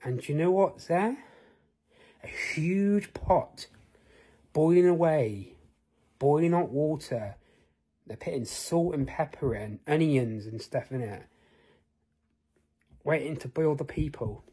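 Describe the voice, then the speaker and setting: Slow, husky storyteller man. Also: a little high, mellow. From United Kingdom. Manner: rambling, addresses listener with questions. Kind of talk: improvised fantasy storytelling.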